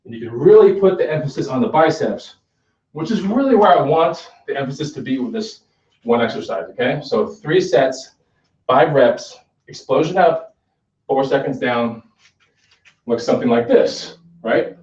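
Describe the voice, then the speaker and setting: A man's voice: medium pitch, expressive, normal speed, a little mellow. A man demonstrating a workout in a gym in a casual, conversational way, often checking in with "okay?". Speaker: fitness instructor. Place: gym, indoors. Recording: echoey gym from far off, dull.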